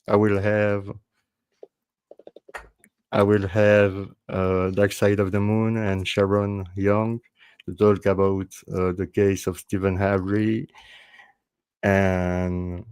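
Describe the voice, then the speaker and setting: A man with a French accent, a native French speaker hosting a panel podcast in casual chat, halting and restarting often. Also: fairly low pitch, steady tone, darkish tone, smooth, no room sound. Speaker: podcast host.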